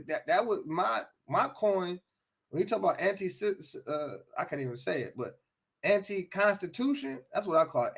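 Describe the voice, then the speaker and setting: A man's voice: high-pitched, husky. An American man giving an impassioned talk, emphatic, often repeating and restarting his phrases. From United States.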